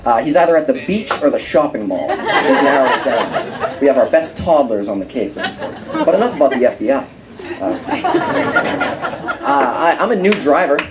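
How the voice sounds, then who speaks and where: A teenage boy doing a stand-up comedy set in a club, deadpan one-liners with some stammering into a stage mic. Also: medium pitch, normal speed, long pauses. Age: teens. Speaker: stand-up comic. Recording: live club with loud crowd and noise.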